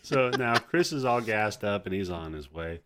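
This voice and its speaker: A man's voice: lowish voice, expressive, normal speed, fairly bright tone. A laid-back man casually retelling movie scenes on a podcast, acting out bits of dialogue. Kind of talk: casual film discussion.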